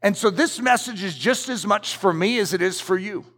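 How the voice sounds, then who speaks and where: A man's voice: high voice, normal speed, fairly bright tone, husky. A middle-aged man preaching a sermon as pastor, emphatic and repetitive as he drives his points home in a church. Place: church sanctuary. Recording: church hall reverb.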